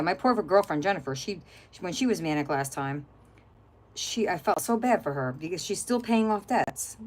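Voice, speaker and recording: A woman's voice: low-pitched, a little hiss or hum, low-quality recording. A middle-aged woman hosting a crafting livestream, chatting casually and rambling to her viewers as she works. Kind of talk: casual chat while crafting.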